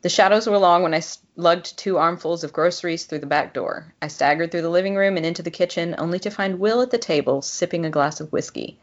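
A woman author with a low voice reads from her book, then talks about it with lively laughs and plenty of fillers. The recording sounds dull and lo-fi. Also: fast, hardly any pauses. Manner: animated, laughing, chatty with many fillers. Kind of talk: reading her novel aloud, then casual chat.

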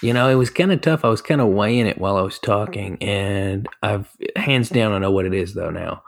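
A man's voice: on the low side, fairly quick. A man co-hosting a podcast in casual chat, rambling through stories and laughing at himself. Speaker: podcast co-host.

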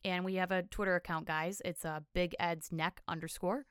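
A woman co-hosting a casual podcast, her voice smooth and clear with a slightly low pitch. She chats easily and reads out listener comments. The recording is dry and close. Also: fairly even intonation, moderate pace, dry recording. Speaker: podcast co-host. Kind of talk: casual chat recapping a reality show.

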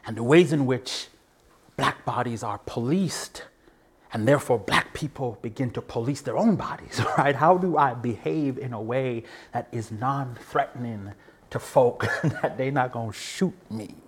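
A man giving a reflective public talk, earnest and animated, often laughing and checking in with his listeners, sometimes dropping to a hushed near-whisper for emphasis. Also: medium pitch, measured pace, slightly rough. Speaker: speaker.

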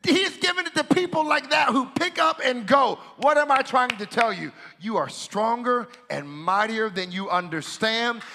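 A man preaching a sermon, shouting declarations, then dropping to quiet teaching. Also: very high voice, animated, normal speed, few pauses, slight background noise. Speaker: pastor.

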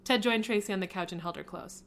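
A woman's voice: mid-range voice, fast, fairly bright tone, slight background noise. A woman hosting a podcast, casually reading fan fiction aloud and often laughing or stopping to comment.

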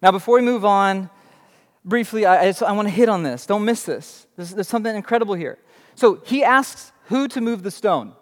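With an expressive, high voice and a slightly fast delivery, a young adult pastor preaches dramatically, full of emphatic rhetorical questions. Long reverb from a large hall fills the recording.

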